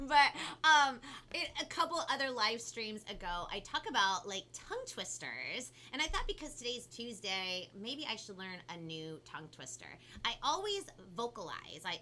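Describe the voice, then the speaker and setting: Bubbly Californian woman, bright voice. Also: medium pitch, a little hiss or hum. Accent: Californian Valley girl. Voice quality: talks a lot and fast, bubbly. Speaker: kids' show host. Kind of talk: live-stream chat.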